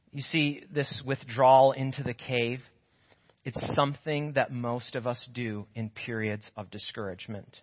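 A man preaching a sermon as pastor, telling a Bible story with animated, acted-out voices. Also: fairly high pitch. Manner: animated storytelling, acts out biblical figures' voices. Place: church sanctuary. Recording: muffled audio in a reverberant church.

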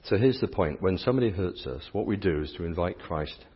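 English priest, middle-aged, teasing the congregation, dull lo-fi recording with a long church echo. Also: male voice, deep voice, lively intonation, fairly quick, slightly rough. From England. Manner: playful, teasing, chatty with the congregation. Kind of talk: interactive sermon with volunteers.

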